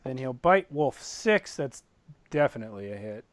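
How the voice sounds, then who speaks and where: A man's voice: medium pitch, big pitch swings, normal speed. A man narrating and running combat as game master of a tabletop game, describing the blows vividly and energetically.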